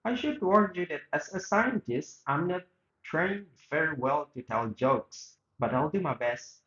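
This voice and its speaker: A man's voice: a little high, lively intonation, a little slow, a bit bright, echoey room, highs cut off. A man reading aloud both the host and guest parts of an interview, with small slips and restarts. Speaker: student reading both sides of a radio interview. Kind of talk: read-aloud interview reenactment.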